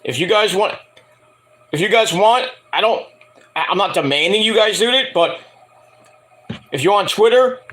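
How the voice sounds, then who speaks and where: A man's voice: high voice, lively intonation, moderate pace, pauses often, a bit bright. A man giving a casual review vlog, rambling and swearing, mocking people as he goes. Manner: rambling, profane, mocking rants. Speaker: wrestling show reviewer.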